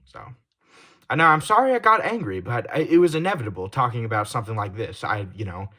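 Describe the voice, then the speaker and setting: Young man in a heated, halting confession. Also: medium pitch, lively intonation. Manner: heated, swearing, apologetic; halting restarts, trailing off quietly. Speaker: YouTuber. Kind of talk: confessional vlog monologue.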